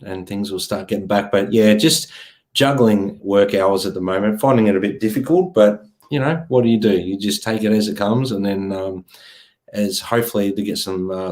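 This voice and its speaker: Laid-back Australian man, low voice. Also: darkish tone. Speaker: co-host. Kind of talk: casual livestream chat.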